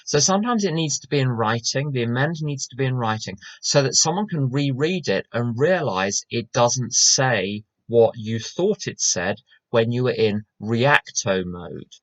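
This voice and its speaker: This British man from England has a mid-range, animated voice and speaks at normal speed with hardly any pauses. His recovery talk is wry and chatty, packed with asides and restarts, and it comes through a dry online call microphone with slightly dull audio.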